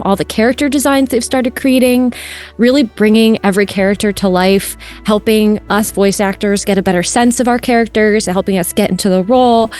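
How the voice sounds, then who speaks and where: Enthusiastic woman voice actress. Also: medium pitch. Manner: enthusiastic, energetic. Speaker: voice actress guest. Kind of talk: casual interview.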